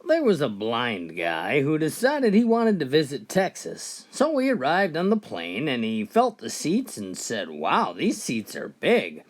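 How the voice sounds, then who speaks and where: A man's voice: on the high side, huge pitch swings, measured pace, hardly any pauses. A man telling jokes in a folksy storytelling style, often opening his lines with "well.". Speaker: joke teller. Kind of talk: told jokes, comic storytelling.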